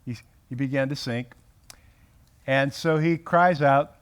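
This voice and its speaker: A man teaching a Bible study to a group in a room, animated and often breaking off his sentences to restart them. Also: mid-range voice, slow pace, clear, resonant tone. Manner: animated, self-interrupting, acts out quotes.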